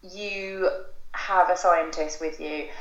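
A woman's voice: lowish voice, steady tone, takes it slowly. A woman in her thirties, a podcast guest telling a long personal story in a chatty, rambling way with fillers and self-corrections. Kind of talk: casual podcast chat. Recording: roomy, dull lo-fi sound.

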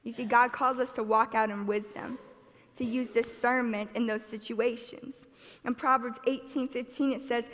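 A woman's voice: on the high side, fairly bright tone. A woman preaching a sermon in an earnest, conversational way, telling stories from her childhood. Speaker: speaker giving a sermon. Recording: long hall reverb.

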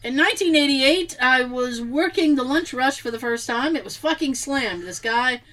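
High-voiced lady, super animated, laughs a lot, swears a bit. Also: moderate pace, low-quality recording. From Boston. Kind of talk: casual storytelling chat.

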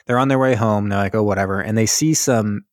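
Talking fast in a lowish voice, a male podcast co-host chats casually through the plot of a war film. He voices the characters' lines with lively storytelling, swearing and laughing along the way. The sound is dry and studio-clean.

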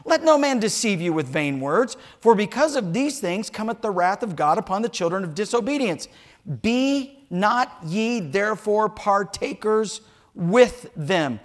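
In a church sanctuary, an older pastor with a high-pitched voice preaches a sermon at a slightly slow pace. He animatedly tells homespun stories, joking and making asides to the congregation.

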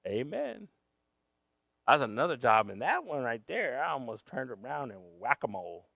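A man preaching a sermon, telling a personal story with big swings from loud shouting down to a near whisper, sometimes switching to Spanish for the congregation. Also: mid-range voice, big pitch swings, moderate pace, vocal fry, no echo. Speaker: pastor.

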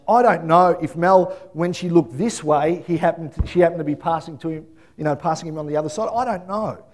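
A middle-aged pastor whose voice sits high for a man. He preaches with animated storytelling, acting out the people in his family stories as he goes. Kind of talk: sermon.

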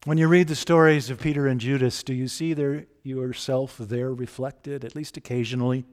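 A man's voice: medium pitch, steady tone, normal speed, darkish tone. Man preaching a conversational sermon. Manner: conversational, asks the listeners direct questions.

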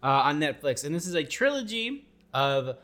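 A man with a slightly high, lively voice, co-hosting a loose movie chat. He halts on filler words and swears freely. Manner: swears a lot, drawn-out and halting. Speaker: podcast co-host. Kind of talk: casual chat.

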